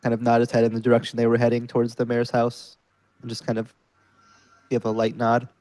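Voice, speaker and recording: A man describing what his character does in a tabletop game, in a mid-pitched voice. He talks thoughtfully, with small hesitations, and the sound is dry. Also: monotone, fairly quick, a little mellow, no room sound, rough recording. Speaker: player.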